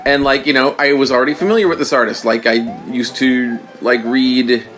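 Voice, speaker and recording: A man's voice: medium pitch, brisk. A man co-hosting a video game let's play, telling rambling stories in casual chat and laughing often. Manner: rambling, animated storyteller who laughs often.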